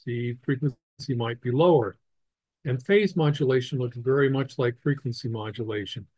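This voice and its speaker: A man teaching a ham radio licensing class over slides, explaining slowly with many restarts and fillers. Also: medium pitch, darkish tone, dry recording, low-quality recording. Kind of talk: technical lecture over slides.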